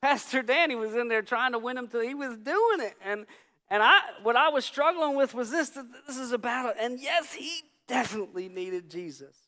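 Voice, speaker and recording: A male pastor preaching a sermon, telling a personal story and swinging from hushed, quiet lines to shouted ones. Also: very high-pitched, lively intonation, moderate pace. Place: church sanctuary. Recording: long church hall reverb.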